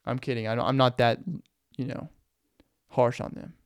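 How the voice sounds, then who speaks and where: A young man hosting a podcast, telling rambling, animated stories in a casual monologue and laughing often. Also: mid-range voice, moderate pace, no echo, clean studio sound. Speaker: podcast host.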